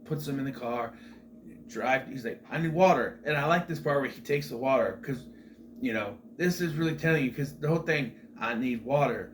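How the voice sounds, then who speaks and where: A middle-aged man hosts his own show, walking through a film's ending in a loose, rambling way, full of side remarks and restarts. His voice sits at an ordinary pitch for a man. Faint background noise runs under the recording. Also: fairly quick. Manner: rambling, chatty asides and restarts. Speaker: movie review host. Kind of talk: casual film recap.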